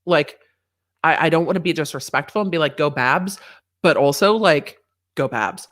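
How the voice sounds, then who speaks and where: A woman's voice: low-pitched, normal speed, a bit bright. A woman lawyer giving casual, candid livestream commentary on a court hearing, reading viewer questions aloud and swearing freely. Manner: candid, profane, reads chat questions aloud.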